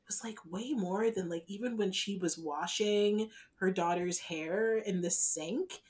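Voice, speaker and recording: A woman's voice: mid-range voice, unhurried, darkish tone. A woman co-hosting a podcast in casual chat, gushing and laughing often. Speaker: podcast co-host.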